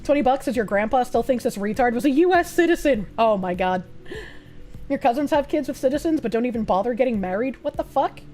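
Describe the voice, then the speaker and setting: A woman streamer chatting casually and reacting to chat, blunt, sarcastic and heavy on swearing. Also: high-pitched. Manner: blunt, profane and sarcastic, with frequent laughs.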